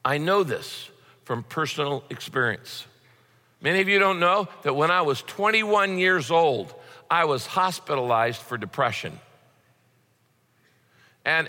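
A man's voice: on the high side, sharp tone. A man preaching a sermon as a pastor, in a conversational way with frequent repeated words. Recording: long hall reverb.

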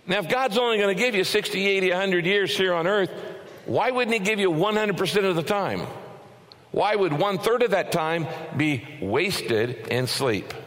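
A male pastor delivers an emphatic sermon to his congregation, his voice sitting fairly high for a man. He restarts and repeats phrases as he drives each point home. The sound carries a long reverb, as in a large hall. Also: fairly bright tone.

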